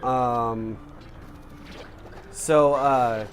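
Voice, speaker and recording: A man's voice: mid-range voice, fairly even intonation, very slow, a little hiss or hum. Rambling, profane young man. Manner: rambling, profane, heavy use of "like". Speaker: let's play co-host. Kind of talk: casual gameplay chat.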